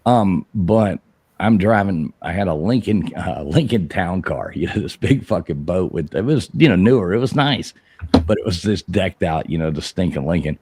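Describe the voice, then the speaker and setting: A middle-aged man telling a rambling, profane story on a live show, laughing as he goes and shouting out the lines he quotes. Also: low-pitched, expressive, moderate pace, slightly rough. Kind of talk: casual live-stream storytelling.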